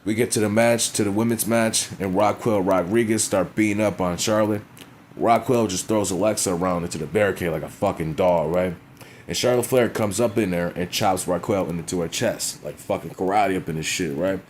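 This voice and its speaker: A man's voice: deep voice, brisk, darkish tone, slight background noise. A man reviewing a wrestling show in a blunt, profane casual rant, often asking "you know what I'm saying".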